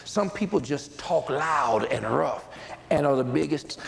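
A man delivers a sermon, pastor-style, talking to his listeners like family and repeating himself as he builds a point. His voice sits a little high with a gravelly fry running through it. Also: expressive, unhurried, poor audio. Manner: conversational preaching with repetitions and asides.

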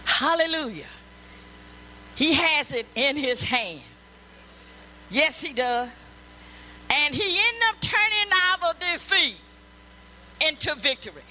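A woman's voice: high-pitched, lively intonation, slow pace, pauses often, sharp tone, slight background noise, rough recording. A woman pastor delivering a sermon, emphatic and repetitive, breaking into calls of praise.

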